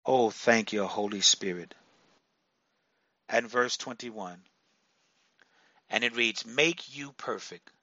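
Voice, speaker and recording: A male preacher delivering a sermon, repeating phrases for emphasis and breaking into sudden loud bursts. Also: medium pitch, slow pace, long pauses, no echo, highs cut off.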